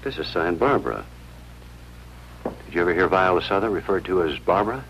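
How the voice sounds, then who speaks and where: An actor playing an earnest, persistent hospital chaplain who questions people gently, in a 1950s TV drama. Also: male voice, low-pitched, lively intonation, fairly quick, muffled recording, slight background noise. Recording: 1950s TV soundtrack with music underneath.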